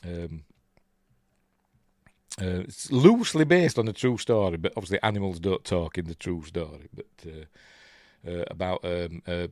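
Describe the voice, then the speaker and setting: Chatty older Yorkshire man, low dry voice. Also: a little slow, a little mellow, dry recording. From Yorkshire, England. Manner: rambling, chuckling, reads chat comments. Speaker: host. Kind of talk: casual live-stream chat.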